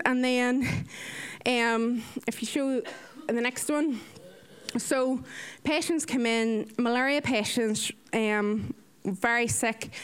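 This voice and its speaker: Lively high-voiced woman. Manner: lively, animated storytelling with acted-out quotes. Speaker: nurse giving a mission talk. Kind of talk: storytelling talk with slides.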